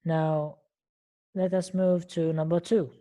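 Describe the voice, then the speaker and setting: A woman's voice: lowish voice, level tone, slow, mellow. A woman teaching an English lesson on an online call, speaking patiently and repeating words and questions for her learners.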